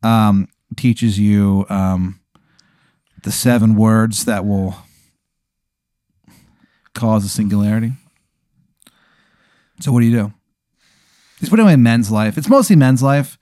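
A man narrating an improvised tabletop game as game master, with a deadpan, rambling delivery full of ums and likes. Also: lowish voice, slow, long pauses, no room sound.

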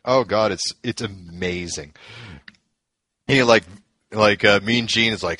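A man's voice: lowish voice, takes it slowly, bright, forceful tone, dry recording. A man co-hosting a casual podcast, eagerly recounting old events and laughing often. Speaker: podcast co-host. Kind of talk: casual storytelling chat.

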